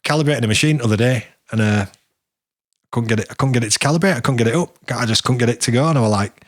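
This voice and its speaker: A man's voice: medium pitch, very fast, no room sound. A man hosting a podcast, telling rambling workshop stories in a casual chat and laughing often. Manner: rambling storyteller, laughs often, mimics people he quotes. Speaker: podcast host. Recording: dry studio sound.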